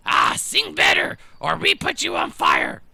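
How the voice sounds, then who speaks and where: A man voicing a boastful goblin who shouts threats in a high voice. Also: wildly swooping pitch, measured pace, creaky, husky, full character voice. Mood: yelling. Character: boastful male goblin with full mouth.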